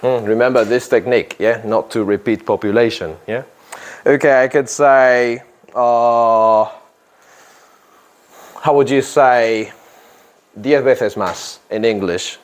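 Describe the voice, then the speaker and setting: A man teaching an English grammar lesson in a classroom, speaking deliberately, stressing key words and quizzing his students. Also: mid-range voice, fairly even intonation.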